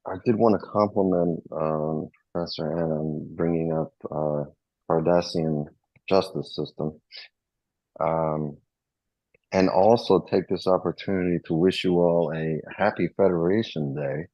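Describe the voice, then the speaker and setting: A man's voice: low-pitched, fairly even intonation, a little slow, dry recording, lo-fi sound. A man in casual group chat, eagerly explaining fan trivia with filler ums. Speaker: regular panelist.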